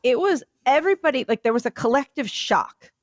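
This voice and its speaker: A woman co-hosting a podcast, chatting casually and telling a rambling, animated story. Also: high voice, fairly quick, dry recording. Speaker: podcast co-host. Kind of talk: casual chat.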